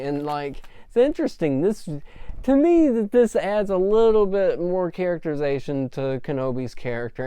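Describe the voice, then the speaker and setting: A man's voice: on the high side, mellow, smooth, dry recording, studio quality. A man reviewing a show episode in a casual, rambling recap with many fillers. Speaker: film reviewer.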